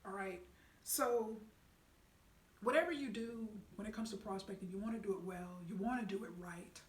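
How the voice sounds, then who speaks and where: A woman's voice: mid-range voice, moderate pace. A woman sales trainer telling a story in a casual teaching talk, with many fillers and restarts. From United States. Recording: echoey room, voice far from the mic.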